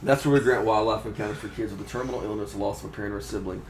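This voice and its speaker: A man's voice: lowish voice, fairly even intonation, very fast, slight background noise. A man, a fishing magazine editor, chatting in an earnest, reflective way and often restarting his sentences. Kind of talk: casual chat. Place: fishing trade show floor.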